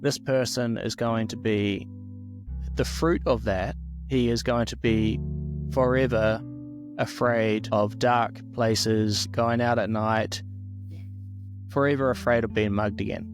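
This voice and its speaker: A man with a New Zealand accent, a guest on a podcast, talking in an earnest, measured way. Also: fairly low pitch, steady tone, music in the background. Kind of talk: casual podcast chat.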